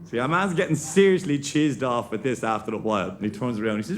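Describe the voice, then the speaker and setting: A man's voice: medium pitch, fast. A man with an Irish accent telling a joke on a live comedy stage, acting out a bickering exchange between two men. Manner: acts out a bickering two-man dialogue in character voices. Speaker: stand-up comedian.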